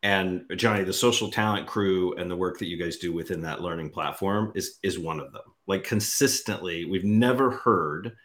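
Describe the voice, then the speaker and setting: Podcast host guy, lowish voice, upbeat, teases his guests. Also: moderate pace, few pauses, a bit bright. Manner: upbeat, teasing banter. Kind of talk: casual podcast hosting.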